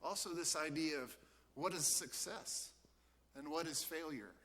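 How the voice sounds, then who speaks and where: Bright-voiced storytelling pastor. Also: male voice, fairly high pitch, a little slow. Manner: lively storytelling, acting out the characters. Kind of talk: sermon. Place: church.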